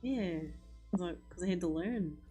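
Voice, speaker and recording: A woman streamer chatting casually while she studies. She is excitable, swears freely and talks in quick bursts full of fillers. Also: fairly low pitch, slightly rough, faint music behind. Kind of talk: casual chat while studying.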